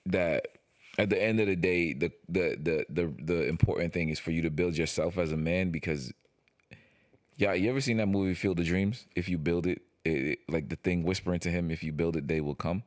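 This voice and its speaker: Low-voiced man in casual podcast banter. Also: fairly quick, no echo, clean studio sound. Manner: animated, slangy, repeats words when starting a point. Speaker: podcast co-host. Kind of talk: casual chat.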